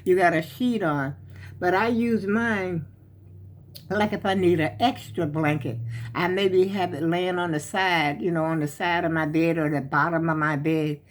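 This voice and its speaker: A woman's voice: fairly low pitch, steady tone, unhurried, a little hiss or hum. Breathless older woman chatting. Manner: chatty, rambling, folksy, addresses viewers as y'all. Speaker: vlogger showing her crochet. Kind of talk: casual chat to camera. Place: at home.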